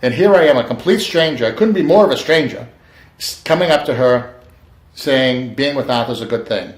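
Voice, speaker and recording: A man recounts a personal story in a loose, conversational way. He acts out the quoted dialogue with bursts of emphasis, and his voice sits at a medium pitch. The room around him rings with a clear echo. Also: animated, brisk. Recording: echoey room.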